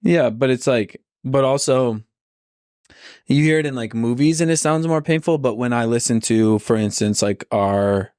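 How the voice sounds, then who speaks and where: A man's voice: medium pitch, normal speed, darkish tone, smooth, no room sound, clean studio sound. A young man co-hosting a podcast in casual chat, laid-back and agreeable with a teasing edge. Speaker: podcast co-host.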